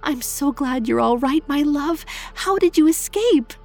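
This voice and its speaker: A woman voicing a tender, adoring young goddess who speaks in a soft, hushed, breathy way. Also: sits high, animated, measured pace, faint music behind, voice pushed up. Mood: distraught.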